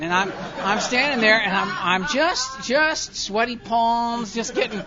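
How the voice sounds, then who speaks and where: A man speaking at a recovery meeting, telling a self-mocking story to an audience and swinging from quiet asides to loud comic rants. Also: very high voice, a little slow, hardly any pauses. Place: large convention hall with audience. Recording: dull lo-fi live hall recording, faint crowd.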